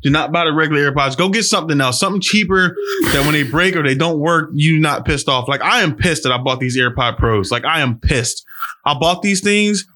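A man with a bright, forceful voice sits at home on a video call, talking into an earbud mic. He rants in a loose, profane, exasperated way, and his voice sits a little higher than most men's. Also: brisk. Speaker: podcast co-host. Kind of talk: casual chat. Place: at home, indoors.

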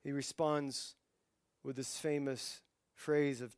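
Male pastor, forties, slightly high voice, chatty sermon delivery with sudden loud peaks, dry close mic. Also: slow pace, long pauses, no room sound. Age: 40s. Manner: conversational preaching, swings from hushed to loud animated outbursts.

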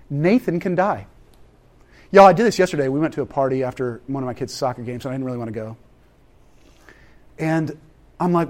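A man, preaching a sermon in a casual, animated way that swings from loud to hushed. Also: mid-range voice, fairly quick, long pauses. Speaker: pastor.

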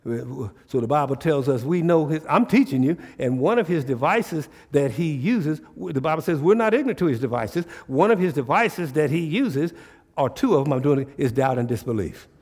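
A male pastor preaches in a casual, conversational dialect, keeping his congregation in call-and-response with rhetorical questions. His voice sits a bit high for a man. It echoes through a church hall with a long reverb tail. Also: animated, moderate pace, a little mellow, husky. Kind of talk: sermon.

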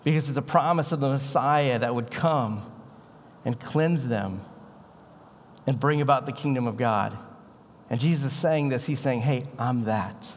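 A man's voice: medium pitch, moderate pace, long pauses, in a large hall, slight background noise. A man preaching a sermon as a pastor, in a casual, conversational way with bits of slang. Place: church sanctuary.

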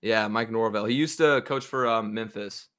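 A young man co-hosting a casual sports podcast, animated and swearing as he gets worked up about games. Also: fairly low pitch, moderate pace.

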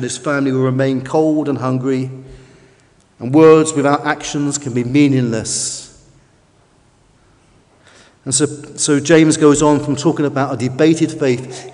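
A man preaching a sermon emphatically, leaning on slow, drawn-out stresses. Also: mid-range voice, steady tone, a little mellow. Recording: long reverb of a large hall.

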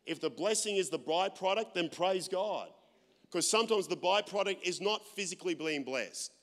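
Loud pastor, high voice. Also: male voice, normal speed, in a large hall. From Australia. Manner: loud, animated, self-deprecating humor. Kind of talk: sermon with storytelling.

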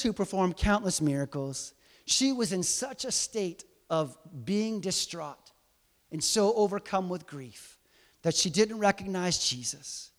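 A man preaching a sermon in a chatty, animated storytelling manner, with a long hall reverb. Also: high voice, unhurried.

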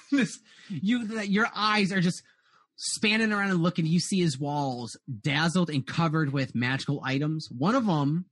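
A man's voice: a little high, a bit bright, dry recording. A man narrating as game master in a rambling way, full of "uh"s and restarts.

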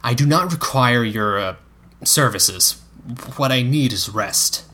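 A weary, reluctant knight, read by a man in his own voice. His tone is husky and mid-pitched, and he speaks haltingly with strain. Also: lively intonation, sharp tone, full character voice.

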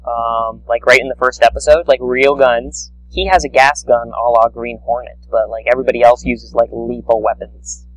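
A man co-hosting a podcast, chatting casually about a cartoon in a rambling, animated, mocking way. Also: medium pitch, normal speed, hardly any pauses, no echo, rough recording. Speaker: podcast co-host. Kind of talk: casual chat reviewing a cartoon.

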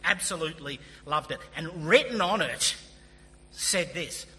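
A man's voice: fairly high pitch, animated, measured pace, pushed and bright. A man preaching a sermon as pastor, earnest and emphatic, with casual asides. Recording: long hall reverb, faint hum.

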